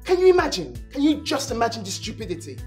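A woman's voice: mid-range voice, expressive, moderate pace, soft background music, close to an everyday voice. An actress with a Nigerian accent playing a haughty, rich young woman who scolds her staff with demands. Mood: angry. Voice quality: scolding, demanding, rising to shouts. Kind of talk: Nollywood film acting.

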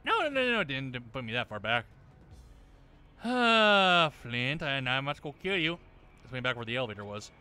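A man commentating his own shooter gameplay, swearing often and breaking into loud shouts at enemies. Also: medium pitch, big pitch swings, moderate pace, clean tone, soft background music. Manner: profane, bursts into yelling at enemies. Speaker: gameplay streamer. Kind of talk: let's-play commentary.

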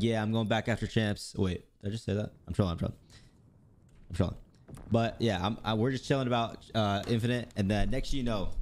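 A young man streaming while gaming, casually telling a rambling, profane story about his day. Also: on the low side. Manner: profane, rambling, animated retelling. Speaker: pro gamer streamer.

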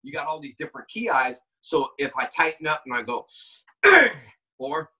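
A man talks through a call in a casual, animated way, breaking into sudden shouts and acted-out lines as he tells his stories. His voice is bright and a little husky, and it sounds set back from the microphone. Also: fairly high pitch, unhurried, far from the mic, low-quality recording. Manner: animated storyteller, acts out shouts and quoted lines. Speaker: guest actor. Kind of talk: casual chat. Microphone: phone call.

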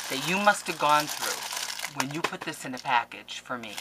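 A woman's voice: low-pitched, expressive, normal speed, noisy background. A woman scrapbooking vlogger opening a package on camera, gushing and playfully melodramatic in a casual chat. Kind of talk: casual unboxing vlog.

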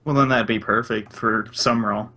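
A man's voice: fairly low pitch, steady tone, normal speed, background noise. A young man co-hosting a podcast, joking around casually and laughing often. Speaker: podcast co-host. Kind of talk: casual chat.

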